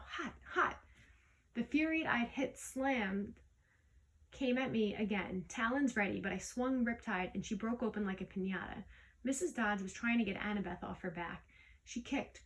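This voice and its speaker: A woman reading a storybook aloud in the first person, lively, with small slips that she corrects as she goes. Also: mid-range voice, poor audio. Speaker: audiobook reader. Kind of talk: storybook read-aloud narration.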